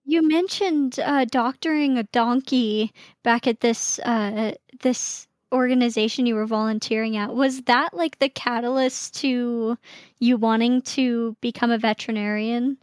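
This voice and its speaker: A woman's voice: on the high side, fairly even intonation, measured pace, smooth, dry recording, studio quality. A woman hosting a podcast interview, giving brief encouraging replies and asking curious questions. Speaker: podcast host.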